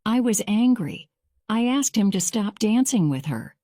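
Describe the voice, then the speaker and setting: A woman's voice: mid-range voice, expressive, warm tone, no room sound, clean studio sound, natural voice. A woman reading as a defensive young man on trial. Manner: measured, slow graded-reader delivery. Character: young man, boyfriend questioned in court, defensive.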